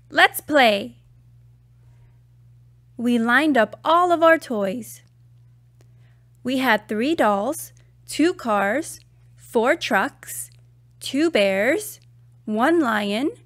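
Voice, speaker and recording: Slow, expressive woman reading a storybook. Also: on the high side. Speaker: children's book reader. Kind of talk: storybook read-aloud.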